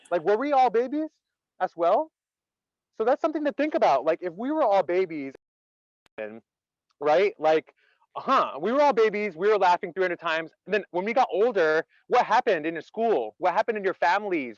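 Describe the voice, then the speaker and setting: A man leading an interactive online laughter workshop, animated and chatty, quizzing his audience and filling his speech with "like". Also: sits high, a little fast, dry recording, highs cut off. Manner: animated, chatty, asks audience questions, many "like" fillers.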